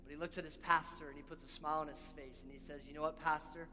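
A man's voice: fairly high pitch, steady tone, fast talker, bright, forceful tone. A man preaching a sermon as pastor, earnest and repeating key lines for emphasis. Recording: long hall reverb with faint music.

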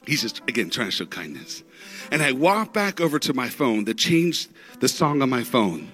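Lively dramatic male preacher. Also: moderate pace, faint music behind. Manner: dramatic, with big swings in pitch and loudness. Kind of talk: sermon storytelling.

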